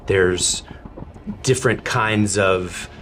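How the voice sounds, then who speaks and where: A man narrating a tabletop game as game master, telling the story dramatically with halting restarts. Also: low voice, fairly bright tone, a little hiss or hum.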